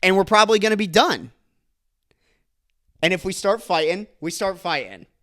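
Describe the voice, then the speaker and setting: A young man tells a comic grievance story on a podcast, ranting hard. His voice sits high and leaps all over the place. He breaks into laughs and shouts as he winds himself up. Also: expressive, normal speed. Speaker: podcast host. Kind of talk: comedic storytelling rant.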